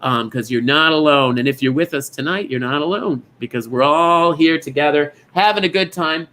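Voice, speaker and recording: Bubbly, bright-voiced male bingo host. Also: fairly high pitch, normal speed, a little hiss or hum. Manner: chatty, gushing, rambling and scattered. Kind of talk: live-streamed host greeting viewers.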